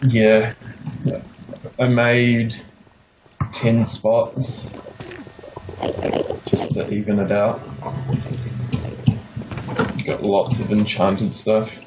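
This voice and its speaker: A young man with a New Zealand accent giving a casual tour of his game build, pausing often with fillers. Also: lowish voice, noisy background. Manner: hesitant, many pauses and fillers.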